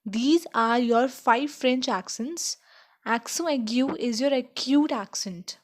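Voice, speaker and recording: Slow-speaking woman teaching beginner French. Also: sits high. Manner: slow and careful, checks in with "okay?". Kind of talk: slow beginner language lesson.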